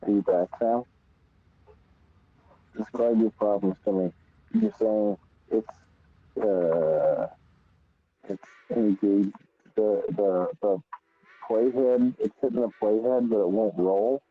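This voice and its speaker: A man's voice: fairly low pitch, unhurried, no echo. A man chatting casually over the phone on a stream, rambling and easygoing. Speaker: stream co-host. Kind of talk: casual chat. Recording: tinny dry phone line.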